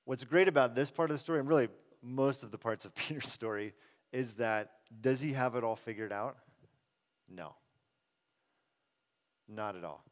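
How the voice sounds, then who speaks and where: A middle-aged man, a pastor, giving a conversational, earnest sermon that swells loud and drops soft. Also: medium pitch, moderate pace, long pauses. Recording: long reverb of a large hall.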